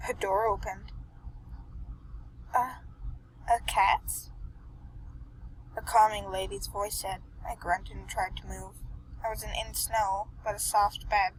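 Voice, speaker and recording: A young woman reading a fan story aloud, narrating in a soft, hushed, dramatic way. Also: mid-range voice, a little hiss or hum, rough recording. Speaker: fan dub reader.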